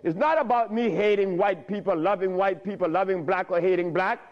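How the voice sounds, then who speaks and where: A man's voice: high voice, fairly quick, highs cut off. A man giving an emphatic storytelling lecture, chuckling often and speaking with nonstandard grammar.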